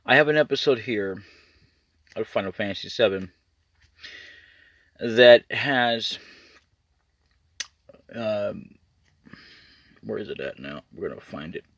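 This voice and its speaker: A man's voice: fairly low pitch, lively intonation, takes it slowly, pauses often, a bit bright, dry recording. A man giving a casual, rambling update to his channel's viewers, restarting sentences often. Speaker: YouTuber.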